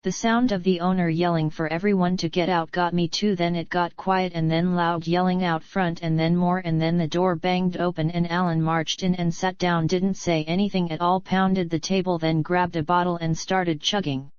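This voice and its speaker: Woman author reading her own book: low, smooth voice, blunt and profane, dry lo-fi home recording. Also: level tone, normal speed, few pauses, no echo. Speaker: audiobook reader and author. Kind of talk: first-person audiobook narration. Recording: slightly dull lo-fi recording.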